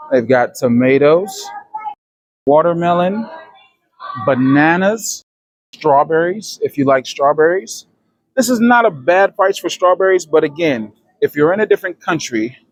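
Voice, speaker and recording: Chatty man, fairly high, dry sound. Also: no echo. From United States. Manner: chatty, explains prices to viewers. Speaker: travel vlogger. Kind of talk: casual grocery-store walkthrough. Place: supermarket, indoors.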